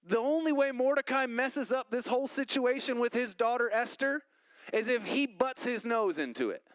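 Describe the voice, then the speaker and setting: A man's voice: extremely high pitch, normal speed, clean tone, dry recording, rough recording. A male pastor giving a conversational sermon in church, telling stories and acting out quoted conversations. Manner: conversational, animated storytelling with quoted voices.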